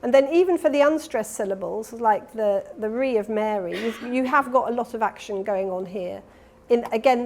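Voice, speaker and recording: A woman's voice: fairly high pitch, a little mellow. An older woman giving a keynote academic lecture at a conference, explaining her slides step by step. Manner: explanatory, talks through slides, demonstrates sounds. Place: conference hall.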